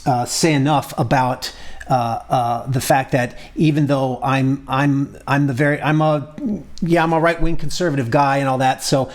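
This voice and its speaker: A man co-hosting a podcast in casual chat, talking with a hesitant, halting delivery full of restarts. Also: medium pitch, steady tone. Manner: hesitant, many restarts and fillers. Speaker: podcast co-host.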